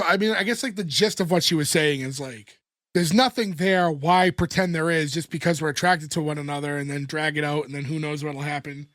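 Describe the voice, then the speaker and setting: A man co-hosting a podcast, retelling a sitcom episode in a casual, animated way and acting out the characters' lines. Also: on the high side, no echo, studio quality. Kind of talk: casual chat.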